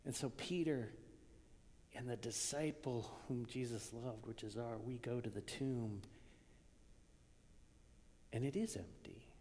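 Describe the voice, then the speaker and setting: A man preaching a sermon in a conversational way, moving between loud emphasis and hushed near-whispers. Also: mid-range voice, fairly even intonation, unhurried, a little hiss or hum. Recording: long reverb of a church hall.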